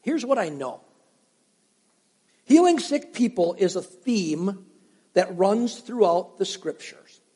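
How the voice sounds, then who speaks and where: This middle-aged man, preaching as pastor in a church sanctuary, uses a high-pitched, darkish, slightly rough voice with big pitch swings. He goes slowly, leaving long pauses as he tells stories and questions his congregation conversationally. The recording carries long hall reverb.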